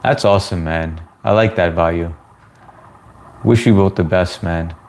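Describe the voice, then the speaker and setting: A low-pitched, slightly mellow American man chats casually with viewers on a livestream, answering their messages. He is laid-back and talkative, speaking at a normal speed.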